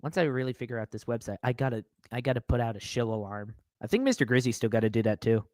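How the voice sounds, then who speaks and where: A man's voice: medium pitch, lively intonation, quick pace, darkish tone, no echo, studio quality. A man hosting a live stream, reading viewer comments aloud and answering them with sarcastic, mocking commentary.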